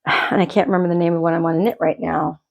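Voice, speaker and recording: Fairly low and creaky, this woman's voice moves quickly with a flat delivery. She's a knitting podcast host talking casually from her home dye studio, wandering off topic and frequently starting sentences over.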